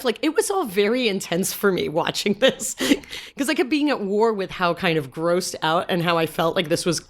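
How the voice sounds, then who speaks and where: A woman in casual podcast chat about a movie, animated, laughing often and acting out her own reactions. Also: medium pitch, moderate pace. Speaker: podcast co-host.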